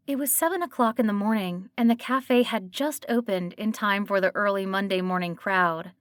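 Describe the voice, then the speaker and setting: A woman reading a cozy mystery audiobook in an even, storytelling manner. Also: medium pitch, no echo, studio quality. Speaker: audiobook narrator. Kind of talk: scripted narration.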